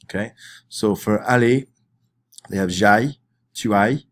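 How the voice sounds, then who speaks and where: A man's voice: fairly low pitch, a little slow. A man teaching his class in a recorded lesson, explaining step by step with small fillers and restarts. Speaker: French teacher.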